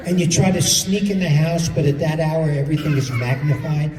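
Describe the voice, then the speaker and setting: A middle-aged man doing stand-up comedy, telling family stories in an animated way on a stage in a large hall. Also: fairly high pitch, a little fast, hardly any pauses, recorded from a distance. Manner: animated storytelling, playing family members. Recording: echoey hall from afar, audience laughter.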